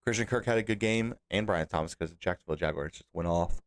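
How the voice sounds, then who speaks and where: A young adult man hosting a podcast alone, recapping fantasy football results in an animated, exasperated way. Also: low-pitched, quick pace, clear, resonant tone. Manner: animated, exasperated scolding of team managers. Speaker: podcast host.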